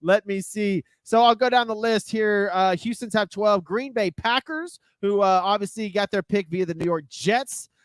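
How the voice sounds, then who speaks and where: A man hosting a sports talk show, chatting casually in an excitable, riffing way and laughing often. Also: high voice, normal speed, hardly any pauses, no echo.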